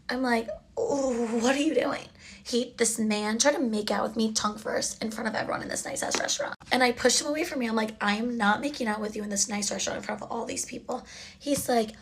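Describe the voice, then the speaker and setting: A woman's voice: fairly even intonation, a little fast, slight background noise. Chatty young woman telling a story. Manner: chatty, exasperated, drops into a low mutter for asides. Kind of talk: casual storytime while getting ready.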